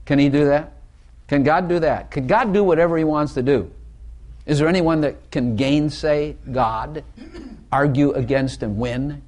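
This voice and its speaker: A man's voice: a little high, measured pace, a little mellow. A man preaching an informal sermon, talking conversationally, repeating phrases and putting questions to his listeners.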